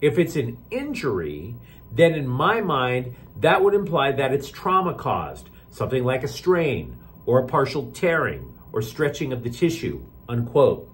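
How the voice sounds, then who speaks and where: A man's voice: medium pitch, wildly swooping pitch, unhurried. A man hosting a daily sports news report, delivering it with sarcastic wisecracks.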